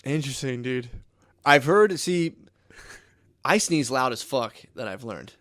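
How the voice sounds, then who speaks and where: A man's voice: medium pitch, lively intonation, a little slow, a bit bright. A young man co-hosting a podcast, telling stories in laid-back chat, saying "dude" constantly and acting out what people said. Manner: laid-back storytelling, says "dude" constantly, acts out quotes. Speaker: podcast co-host. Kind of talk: casual chat.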